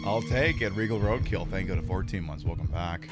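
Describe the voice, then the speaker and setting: Brief: man streaming a horror game, profane and chatty, over clear background music. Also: sits low, brisk. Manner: rambling, profane, jokey. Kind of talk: casual live-stream commentary.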